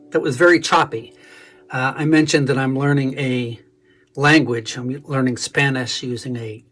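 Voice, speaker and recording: A music teacher gives a casual instrument lesson, thinking aloud and correcting himself as he plays, with dulcimer playing in the background. His voice is on the high side, a bit bright and husky.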